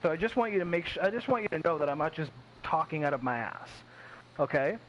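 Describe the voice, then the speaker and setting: A man with a fairly high voice talks bluntly and at length while streaming games, swearing freely and leaning on fillers. A faint hiss sits under his voice. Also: animated, quick pace, highs cut off. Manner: blunt, profane, emphatic, heavy with fillers. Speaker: gaming streamer. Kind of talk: casual chat.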